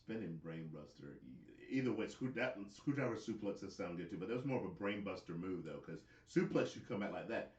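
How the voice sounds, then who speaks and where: A man co-hosting a casual wrestling chat on a live stream, halting and repeating words as he thinks. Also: deep voice, animated, darkish tone, far from the mic. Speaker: co-host. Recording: echoey, dull sound.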